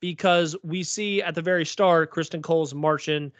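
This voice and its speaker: A man's voice: a little high, steady tone, moderate pace, dry recording. A man co-hosting a podcast, chatting casually about a TV episode, rambling with lots of fillers. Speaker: podcast co-host. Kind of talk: casual TV recap chat. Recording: dull lo-fi recording.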